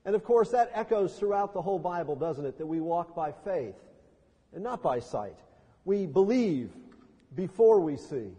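High-voiced, mellow-toned male pastor. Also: sing-song, husky. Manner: measured, earnest preaching. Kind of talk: sermon with scripture reading. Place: church sanctuary. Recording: long reverb of a large hall.

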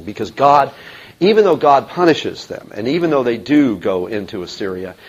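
A man's voice: lowish voice, a little mellow, slightly rough. A man teaching a Bible lecture in a conversational way, with many fillers and restarts. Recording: dull lo-fi recording.

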